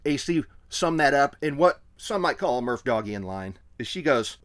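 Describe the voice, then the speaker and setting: Male comic podcast co-host, lively swooping delivery, voices other people for laughs. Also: medium pitch, normal speed, hardly any pauses. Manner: animated, joking, mock-quotes people in voices. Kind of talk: casual comedic recap chat.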